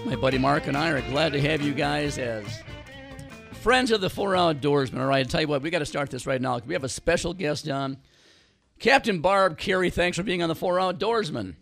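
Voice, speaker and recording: A man hosting a radio show, hoarse from cheering, joking and rambling with stammered restarts. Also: on the high side, animated, a little fast, a bit bright, faint music behind. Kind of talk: casual radio chat.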